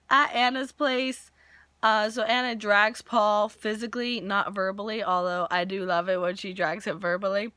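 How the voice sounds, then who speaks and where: A woman in her twenties casually recapping a soap opera episode, animated and jokey, acting out characters' lines while losing her voice. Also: mid-range voice, a little slow, no room sound. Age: 20s.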